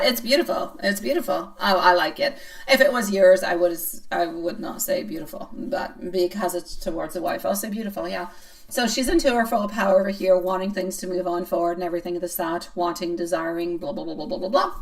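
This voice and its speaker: A woman's voice: lowish voice, steady tone, a little fast. Chatty woman tarot reader, distant mic. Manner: chatty, playful, self-mocking, answers chat comments. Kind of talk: live-stream tarot reading.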